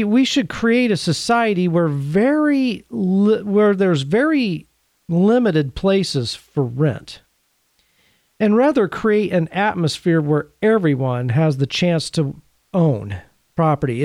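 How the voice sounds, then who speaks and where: In a high-pitched, darkish voice, a man presents a Catholic teaching series as a talk to camera, slow and animated. He comes across as earnest and conversational, slipping in dryly sarcastic asides. There's no room sound.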